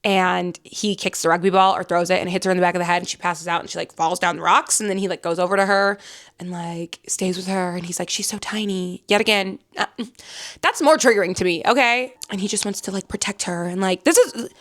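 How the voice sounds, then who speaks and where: A young woman reviewing a book in a casual vlog, chatty and rambling, gushing with excitement and breaking into squeals. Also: lowish voice, a little fast. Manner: chatty, rambling, full of fillers.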